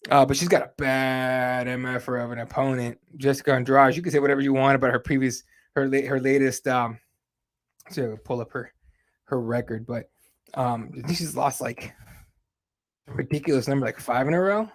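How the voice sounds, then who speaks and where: A man's voice: mid-range voice, fairly even intonation, normal speed. A man hosting a casual live chat show, talking loosely with plenty of fillers and free swearing. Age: adult with kids. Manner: loose and conversational, swears freely, many fillers. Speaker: host.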